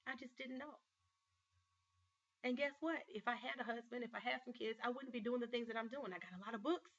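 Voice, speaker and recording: Talking fast in a slightly high, somewhat bright voice, a woman who coaches people on life tells personal stories on her vlog show. She addresses the camera directly, earnest and emphatic, and the sound is lo-fi.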